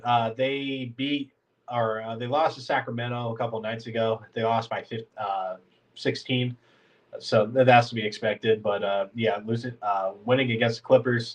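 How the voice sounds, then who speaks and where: A man's voice: mid-range voice, recorded from a distance, low-quality recording. Congested man rambling on a podcast. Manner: rambling, filler-heavy, frustrated fan. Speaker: podcast host. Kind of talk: casual sports podcast talk.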